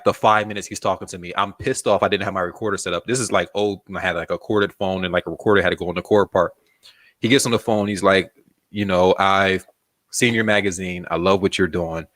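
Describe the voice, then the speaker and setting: A man who founded a magazine, telling a personal story in a relaxed, casual interview and swearing freely. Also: sits low, no room sound.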